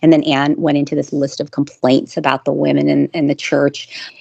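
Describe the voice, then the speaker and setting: A woman's voice: sits low, level tone, moderate pace, gravelly, dark tone, highs cut off. Chatty woman telling a story. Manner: chatty, many fillers and restarts. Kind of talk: casual spoken storytelling.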